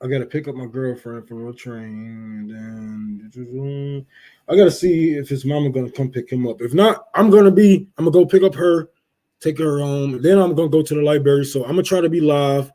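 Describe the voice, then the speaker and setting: A young man hosting a casual livestream, cursing loudly and laughing as he rants and thanks donors. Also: mid-range voice, normal speed. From Detroit. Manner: profane, loud, laughing rants. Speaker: livestream host.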